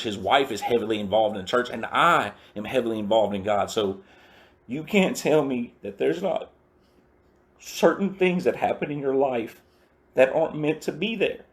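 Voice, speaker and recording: A man's voice: medium pitch, moderate pace. A man giving a personal recovery testimony in a casual, slangy, emphatic storytelling way. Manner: emphatic and repetitive.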